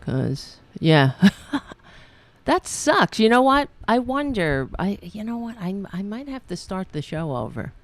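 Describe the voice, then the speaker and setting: A woman hosting a live political talk stream, reading news items and making blunt, profane asides, on a mic that sounds tinny. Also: a bass voice. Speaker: political talk show host.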